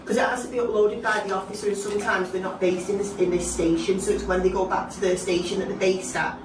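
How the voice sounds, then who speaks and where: A woman's voice: mid-range voice, fairly even intonation, quick pace, noisy background. A woman at a police station desk, patiently explaining procedure.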